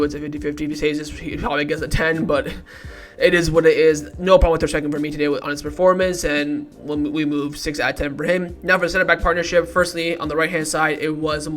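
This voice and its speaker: A man's voice: on the high side, fast. A man hosting a football match review vlog, heated and ranting, swearing often as he rates the team. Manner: shifts from calm rating talk to loud outbursts. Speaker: football fan channel host.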